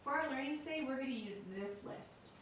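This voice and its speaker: A woman teacher giving a recorded lesson in a slow, clear and patient way. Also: high voice, slight background noise. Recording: very echoey room, mic at a distance.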